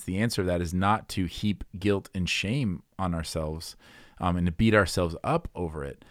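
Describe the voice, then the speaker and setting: A man talking through faith and confession in an unhurried conversation, reflective and full of small restarts. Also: sits low, no echo, studio quality. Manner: thoughtful, reflective, many restarts.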